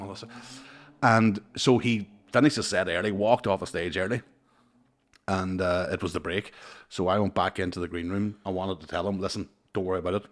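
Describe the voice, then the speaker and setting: Male comic host, low voice, loose sweary storyteller. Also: a little fast. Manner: swears freely, animated anecdotes. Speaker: comedian podcast host. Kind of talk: casual storytelling chat.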